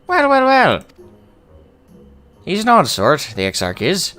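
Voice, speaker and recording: A man voicing a boisterous, gruff old dwarf hunter in a high, exaggerated brogue-like voice with hearty, blustering delivery. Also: huge pitch swings, moderate pace, soft background music. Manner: hearty, blustering, loud greetings.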